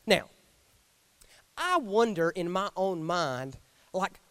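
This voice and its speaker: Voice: medium pitch, slow pace, clean tone, no room sound. A preacher delivering an emphatic Sunday sermon in church and acting out the lines they quote. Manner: animated, emphatic, acts out quotes. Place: church sanctuary.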